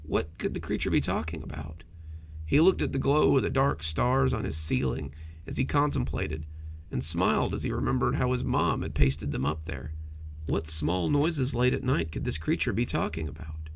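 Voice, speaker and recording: A man narrating a cozy horror story in a measured, softly dramatic way. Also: medium pitch, creaky, slightly rough.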